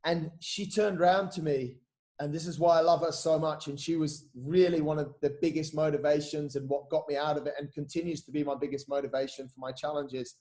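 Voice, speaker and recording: Candid man, slightly high voice. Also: fairly even intonation, brisk, a little mellow. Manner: casual, repeats words, says mate often, swears freely. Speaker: podcast guest. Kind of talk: candid storytelling in an interview.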